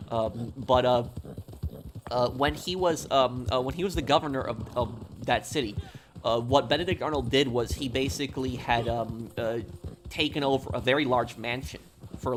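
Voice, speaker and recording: A man streaming a game, talking casually in a rambling way, with many ums, uhs and restarts. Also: mid-range voice. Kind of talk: casual live-stream talk. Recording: steady background noise.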